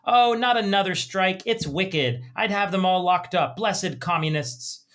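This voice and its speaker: A man's voice: sits high, unhurried, a bit bright, voice pushed up. Male host doing a chirpy elderly housewife: fussy and homely, in a raised voice.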